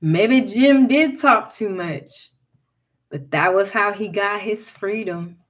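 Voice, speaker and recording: A woman reading a folktale aloud in a measured, expressive storytelling manner. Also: mid-range voice.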